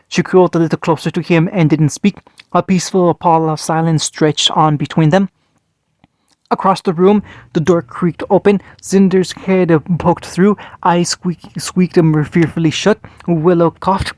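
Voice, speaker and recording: A man's voice: on the high side, fairly even intonation, moderate pace, darkish tone, no echo, clean studio sound. A man narrating a fan fiction story in a plain reading style, with frequent small restarts.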